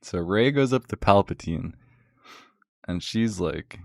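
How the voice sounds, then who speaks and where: A man's voice: lowish voice, animated, takes it slowly, vocal fry, darkish tone, no room sound, studio quality. A young man recapping a film in a casual, rambling, sarcastic rant full of fillers. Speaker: vlogger.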